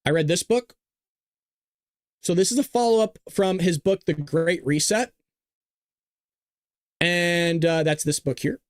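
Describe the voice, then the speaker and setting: A man's voice: sits high, unhurried, pauses often, no echo. A man hosting a live news commentary show, ranting emphatically with repeats and restarts.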